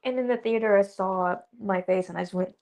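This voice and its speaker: Animated young woman telling stories. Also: medium pitch, a little fast. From Dallas area. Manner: animated storyteller, laughs often, acts out quotes. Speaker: guest actress. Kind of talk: casual interview chat.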